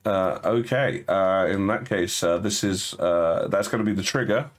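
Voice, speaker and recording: A man narrating as game master of a tabletop game, halting with fillers and restarts. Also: low voice.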